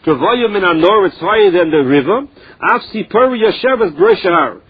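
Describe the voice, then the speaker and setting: Male Talmud teacher, reads then translates phrase by phrase, high husky voice, muffled lo-fi recording. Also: expressive, moderate pace. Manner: reads a phrase then explains it in plain words. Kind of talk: Talmud lesson, reading and translating. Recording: dull lo-fi recording.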